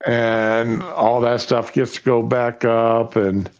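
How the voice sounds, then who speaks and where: An older man hosting a casual live stream chat, talking in a halting way with many restarts. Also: mid-range voice, flat delivery, clear, resonant tone, dull audio. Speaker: host.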